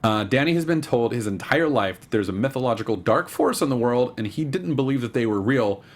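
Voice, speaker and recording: Animated man, jokey podcast co-host. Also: a little fast. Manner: animated, jokey, acts out quotes in high voices. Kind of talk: casual chat.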